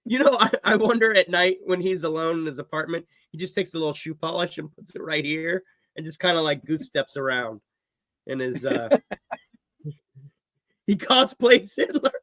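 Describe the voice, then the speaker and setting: Male comedy co-host, high-pitched, animated riffing. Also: a little fast, no echo, studio quality. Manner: animated riffing, frequent laughter. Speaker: podcast co-host. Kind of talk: casual comedic chat.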